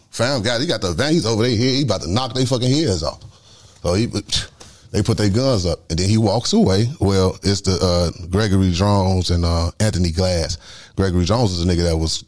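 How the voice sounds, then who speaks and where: Fast-talking man from Chicago. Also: sits low. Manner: animated, acts out voices in his story. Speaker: podcast guest. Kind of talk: casual storytelling.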